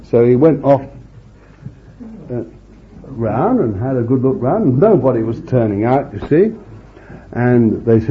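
A man's voice: mid-range voice, sing-song, a little slow, long pauses, slight background noise. A man preaching an informal Bible storytelling sermon in a chatty, homely way, with frequent asides to his listeners. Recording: dull lo-fi recording.

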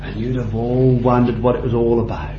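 A man preaching a sermon with deliberate phrasing, climbing to fervent high peaks and then dropping low and quiet. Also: flat delivery, background noise. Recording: dull lo-fi sound in a roomy hall.

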